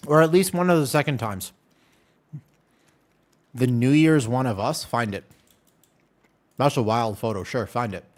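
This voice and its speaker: A man streaming a game, chatting casually with his viewers in quick, jumpy banter. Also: mid-range voice. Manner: animated, jumpy banter with chat. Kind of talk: casual chat while gaming.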